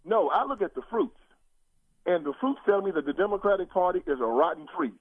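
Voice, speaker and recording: A man's voice: animated, a little fast, no echo. Older man preaching hard over a phone line. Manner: preacherly, emphatic, with sweeping rises in pitch. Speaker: guest commentator. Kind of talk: political talk show conversation.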